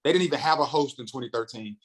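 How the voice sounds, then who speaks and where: His medium-pitched voice carries plenty of storytelling energy as this thirty-something comedian and radio host from North Carolina guests on a podcast. Excitement sends him into fast bursts, and he imitates the characters in his stories. The recording is slightly rough and poor.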